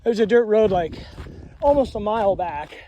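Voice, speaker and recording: A man's voice: high voice, expressive, normal speed, warm tone, dull audio, a little hiss or hum. A young man vlogging outdoors on a hiking trail, talking casually with slang and swearing, ranting about other hikers. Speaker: long-distance hiker filming his trail day. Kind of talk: casual vlog.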